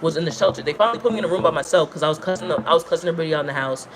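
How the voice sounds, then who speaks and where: A woman telling long, rambling, profane stories to her livestream chat, talking in an animated way. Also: sits low, rapid-fire. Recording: noisy background.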